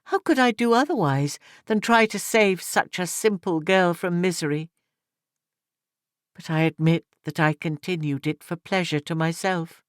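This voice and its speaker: A man's voice: sits high, unhurried, clean tone, dry recording, clean studio sound, voice pushed up. A man reading an audiobook and voicing an anguished young woman who pleads through tears. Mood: pleading. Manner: pleading, tremulous. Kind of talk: audiobook character voice.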